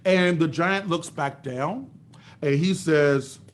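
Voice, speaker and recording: A man's voice: on the high side, slow pace, a little hiss or hum. A man narrating a children's storytime in a sing-song way, asking the kids questions and praising them, into a large microphone. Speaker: children's storyteller and music teacher. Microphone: large microphone into a voice box.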